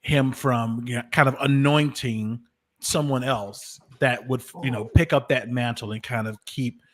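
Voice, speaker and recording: A man's voice: medium pitch, fairly even intonation, a little slow. A man on a livestream panel who talks wryly and hedges with frequent fillers. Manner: wry, hedging with fillers. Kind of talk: casual livestream panel chat.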